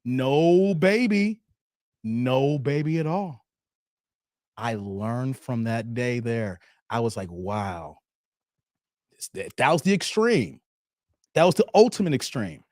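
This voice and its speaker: Slow, confiding male dating commentator. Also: mid-range voice, big pitch swings, darkish tone, no echo, clean studio sound. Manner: frank, confiding, addresses viewers directly. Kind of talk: casual monologue storytelling.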